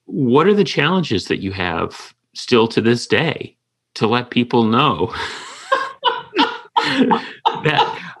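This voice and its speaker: A man's voice: medium pitch, lively intonation, slow, long pauses, a bit bright. A man hosting an interview, asking long, rambling questions that he rephrases as he goes. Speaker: interviewer, host.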